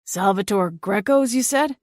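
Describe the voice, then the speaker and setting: A woman's voice: medium pitch, a little slow, no room sound, clean studio sound, natural voice. A woman doing a grumbling small-town sheriff. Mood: brusque. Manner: exasperated, long-winded, condescending.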